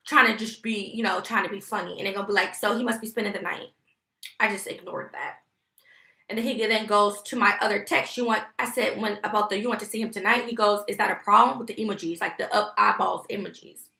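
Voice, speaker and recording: A woman's voice: fairly high pitch, gravelly, bright, forceful tone. A woman venting to her viewers in a casual storytime vlog, talking in an emphatic, heated and profane way. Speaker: vlogger. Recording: echoey room.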